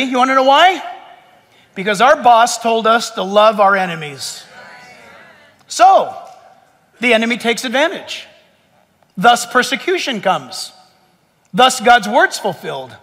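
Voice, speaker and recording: Male pastor, high and lively, bright tone, echoing church hall. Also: measured pace, long pauses. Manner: preaching with animated, rising emphasis. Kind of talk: sermon.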